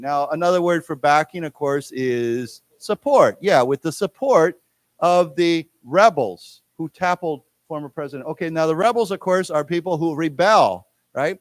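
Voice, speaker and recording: A man with an American accent teaching English to a class of Chinese speakers, explaining words slowly and having everyone repeat them. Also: fairly high pitch, dry recording. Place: lecture room in a library.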